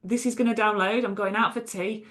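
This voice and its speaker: A woman from talks straight to her listeners in an unscripted solo podcast. She is chatty and emphatic, drops in "okay?" and "right?" asides, and swears without a second thought. Her voice sits at an ordinary middle pitch for a woman. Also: steady tone, brisk, a bit bright. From England. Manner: blunt, swears freely. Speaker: podcast host and coach.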